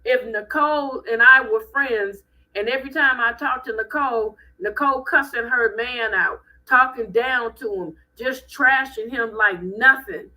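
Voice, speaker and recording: A woman hosting a live stream, giving blunt, animated commentary with speech. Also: fairly high pitch, a little slow, rough recording. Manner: animated, blunt, preachy ranting.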